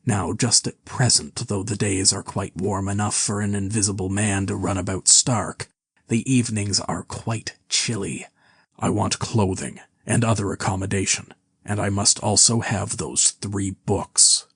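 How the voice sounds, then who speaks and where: A man voicing a menacing invisible scientist who speaks low, slow and commanding. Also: fairly even intonation, husky, dry recording, studio quality. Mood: demanding.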